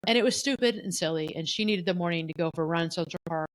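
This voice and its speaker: Middle-aged woman, lower register, candid and animated storyteller in a casual podcast chat. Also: very fast, no echo, rough recording. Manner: candid, animated, often voices the people she quotes. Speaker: podcast co-host.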